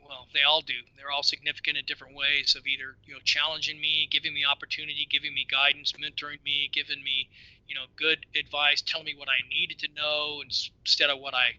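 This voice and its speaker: A man in his sixties, a podcast guest telling stories in an animated, casual way and repeating words as he goes. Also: a little high, fast talker, no echo, dull audio. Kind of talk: casual storytelling.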